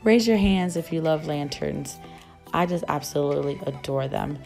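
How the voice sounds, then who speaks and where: A young woman vlogger, her voice still rough after losing it, chatting and gushing in a casual shop-with-me voice-over. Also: low-pitched, normal speed, darkish tone, soft background music. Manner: gushing, chatty, many fillers. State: rough voice, just recovering.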